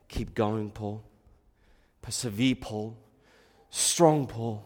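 A man preaches slowly and deliberately, drawing out his words. He drops to quiet, musing asides and then builds to loud, fervent exhortation. His voice rings with a long reverb, as if recorded in a large hall. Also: mid-range voice. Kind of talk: expository sermon.

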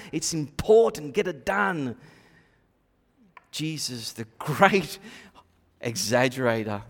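A man preaching a sermon in a church, swinging between loud emphatic bursts and quiet asides. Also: mid-range voice. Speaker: pastor. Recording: long reverb of a church hall.

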